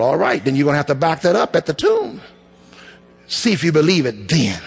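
A man preaching a sermon, moving from quiet storytelling to loud, rising emphasis. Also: on the high side, sing-song, a little fast, vocal fry, slightly rough.

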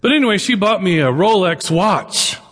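A middle-aged man gives a chatty lecture, weaving anecdotes into his points and tossing rhetorical questions at his listeners. His voice sits slightly high for a man. A long hall reverb trails behind every phrase. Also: lively intonation, moderate pace, a bit bright. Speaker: lecturer on the Bible and immigration.

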